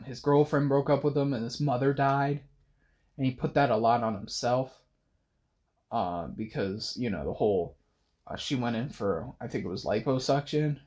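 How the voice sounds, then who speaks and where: A man's voice: medium pitch, husky. A young man talks through his thoughts in a loose late-night monologue. He rambles, trips over himself and restarts often, leaning on fillers as he goes. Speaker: podcast host.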